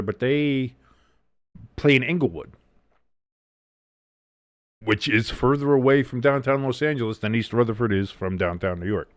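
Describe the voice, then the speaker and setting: In clean, dry studio sound, a medium-pitched man hosts a live football watch-along. His commentary and chat are casual and profane as he calls plays, reads the chat and talks with viewers.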